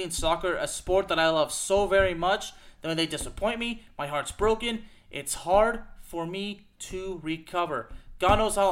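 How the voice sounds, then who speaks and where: A man's voice: high-pitched, a bit bright. A man hosting a show, delivering an emphatic, repetitive rant about soccer and peppering it with "okay?". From United States. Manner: emphatic, repetitive, fired-up ranting with frequent "okay?". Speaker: podcast host. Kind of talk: ranting soccer commentary.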